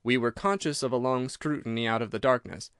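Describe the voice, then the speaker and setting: A man narrating an audiobook in a measured, steady storytelling manner. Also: mid-range voice, clear, resonant tone, no echo, studio quality. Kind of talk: scripted narration.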